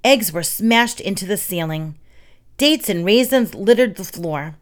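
A woman reading children's stories aloud in a soft, steady narration. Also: mid-range voice, unhurried.

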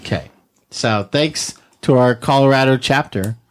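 A man's voice: mid-range voice, a little slow, noisy background. Joking man co-hosting a podcast. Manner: laughing, joking banter. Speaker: podcast co-host. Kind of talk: casual chat.

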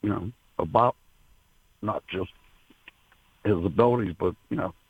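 Gravelly-voiced man on a tinny phone line. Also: deep voice, no echo. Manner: halting, with many fillers and restarts. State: emotional. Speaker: racehorse owner, guest. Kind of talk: interview over the phone. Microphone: telephone.

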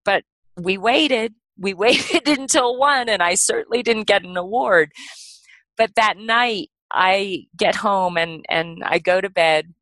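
A middle-aged woman, a podcast guest, telling a personal story in a casual, animated way with lots of "like" and "you know". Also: medium pitch, takes it slowly, no echo, poor audio.

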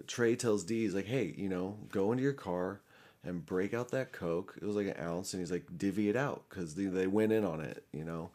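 Young man telling a wild story. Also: deep voice. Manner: animated, swearing, frequent fillers and restarts. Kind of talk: casual anecdote.

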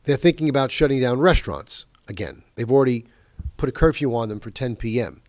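A man's voice: mid-range voice, fairly quick, darkish tone, no room sound, studio quality. A man hosting a political talk show, speaking in an emphatic, indignant monologue and leaning hard on key words. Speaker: talk radio host.

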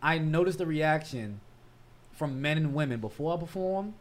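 A man's voice: a little high, expressive, moderate pace. Laid-back man hosting a podcast. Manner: laid-back, slangy, storytelling. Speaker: podcast host. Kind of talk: casual podcast chat.

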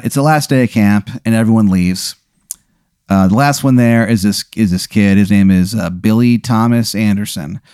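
A man hosting a comedy podcast, spinning an improvised story in a rambling, deadpan way full of fillers. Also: fairly low pitch, smooth, no echo, studio quality. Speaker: podcast host.

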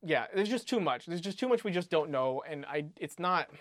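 Man, podcast co-host, rambling, restarts sentences, casual swearing, slightly high voice. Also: animated, fairly quick, fairly bright tone, no room sound, studio quality. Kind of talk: casual book discussion.

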